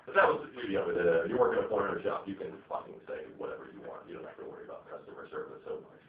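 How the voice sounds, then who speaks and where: Guy doing standup, swears a lot, bouncy pitch, tinny echoey recording from far off. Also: expressive, racing, a little hiss or hum. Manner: rambling, profane, loose with fillers. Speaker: stand-up comedian. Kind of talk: stand-up set. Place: comedy venue stage.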